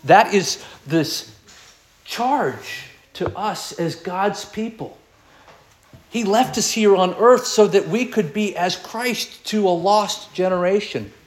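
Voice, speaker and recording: A man's voice: sits high, animated, slow pace. A man preaching a sermon to his congregation, earnest, asking rhetorical questions and acting out quoted voices. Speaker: pastor.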